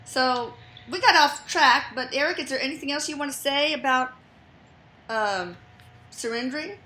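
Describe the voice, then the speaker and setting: An older woman hosting a casual spiritual chat, speaking softly and letting her sentences trail off. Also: high-pitched, moderate pace. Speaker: host. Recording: echoey room.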